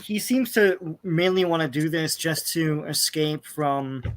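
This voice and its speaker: A man guesting on a casual podcast, talking haltingly and repeating words. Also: a little high. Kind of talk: casual chat.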